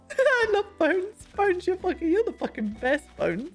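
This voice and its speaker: A woman's voice: very high-pitched, sing-song, measured pace, soft background music. A young woman chatting casually while streaming a game, swearing and laughing often, her mic pointed the wrong way. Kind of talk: casual gameplay chat. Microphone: desk mic, pointed the wrong way.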